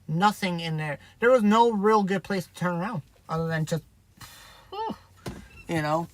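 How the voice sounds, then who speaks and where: A man's voice: high voice, expressive, normal speed, poor audio. A man, a truck driver, chatting candidly on a livestream and telling a story in a rambling way. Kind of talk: livestream chat.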